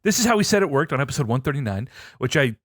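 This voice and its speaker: A man co-hosting a podcast, telling a story in an excitable, profane way that swings between low asides and loud outbursts. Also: very fast, heavy background noise. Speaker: podcast co-host. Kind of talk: animated casual storytelling.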